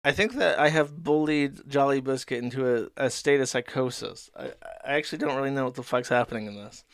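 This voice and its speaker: Male host, crude and rambling, smooth and clear voice, dry close mic. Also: mid-range voice, brisk, no room sound. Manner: rambling, crude and sardonic, with fillers. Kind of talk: comedic commentary reading a comic.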